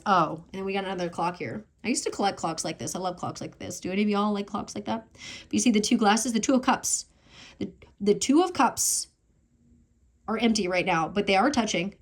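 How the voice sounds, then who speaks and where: Female tarot reader, casual and chatty, reacts aloud to the cards, mid-range voice. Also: mid-range voice. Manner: thinks aloud, chatty, exclaims over the cards. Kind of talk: casual collective tarot reading.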